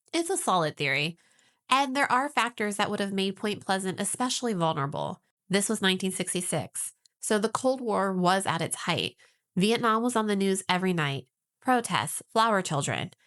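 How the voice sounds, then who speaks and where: A woman co-hosting a podcast, explaining ideas in a measured, informative way with light teasing. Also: medium pitch, expressive, a bit bright. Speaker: podcast co-host.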